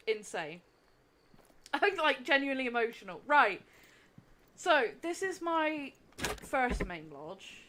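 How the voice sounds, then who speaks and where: A woman's voice: medium pitch, a bit bright. A young adult woman streaming a game, chatting casually with a giggly, effusive and rambling manner. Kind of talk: casual gameplay livestream chat.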